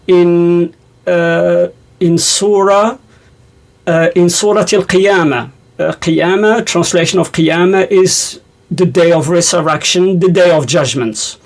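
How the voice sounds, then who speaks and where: An older man explaining scripture in a rambling way, stopping to correct himself and quickly reciting verses. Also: high-pitched. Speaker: religious teacher.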